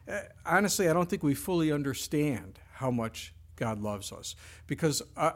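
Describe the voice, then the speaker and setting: A male pastor with a medium-pitched voice delivers a conversational sermon, and in emotional moments his voice drops soft and quiet.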